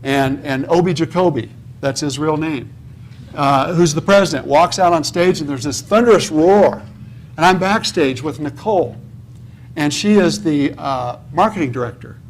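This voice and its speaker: A man's voice: fairly high pitch, moderate pace, slight background noise. A man speaking at a real estate conference in a preachy seminar manner, asking the audience questions, answering them himself and often checking with "okay?". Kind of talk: motivational seminar talk. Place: conference hall.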